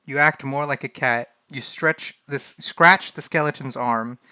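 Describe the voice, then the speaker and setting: Bright, crisp-voiced young male streamer. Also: mid-range voice, measured pace, no room sound. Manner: laughing, flustered, reads the game text aloud. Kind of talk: casual live-stream commentary.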